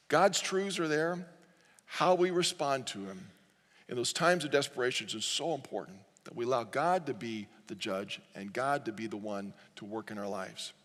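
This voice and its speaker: An earnest pastor with a mid-range, slightly bright voice preaches a sermon in a large, reverberant church sanctuary. He reads scripture aloud together with the congregation.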